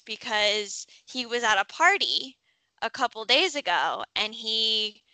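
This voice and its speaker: Bright, dry-sounding young woman. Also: on the high side, expressive, takes it slowly, dry recording, low-quality recording. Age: young adult. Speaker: podcast co-host. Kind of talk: casual storytelling.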